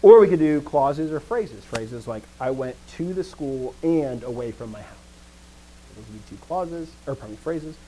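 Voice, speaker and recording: A man teaching a live grammar lesson, explaining step by step, often answering students with quick affirmations and dry joking asides. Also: mid-range voice, lively intonation, warm tone, slight background noise, poor audio. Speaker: language teacher.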